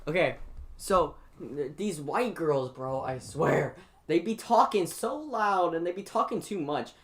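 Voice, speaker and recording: A teenage boy hosting a stream rambles through school stories in a casual chat packed with fillers and restarts. His voice is a little high, with lively intonation and an unhurried pace.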